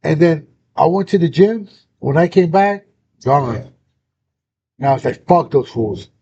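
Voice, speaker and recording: A man's voice: expressive, unhurried, mellow. A young man, hosting a casual chat and telling a story full of slang and swearing. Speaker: host. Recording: dull lo-fi sound with faint rumble.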